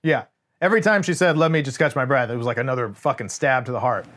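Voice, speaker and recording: A man's voice: medium pitch, animated, fast talker, a bit bright. A man co-hosting a podcast, reviewing a film in casual, emphatic chat and swearing freely. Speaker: podcast co-host.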